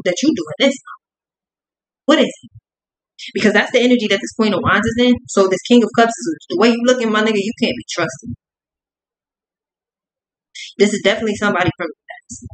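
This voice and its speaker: A young woman doing a casual tarot reading, profane and full of slang, acting out both sides in quick asides. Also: mid-range voice, low-quality recording. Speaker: tarot reader.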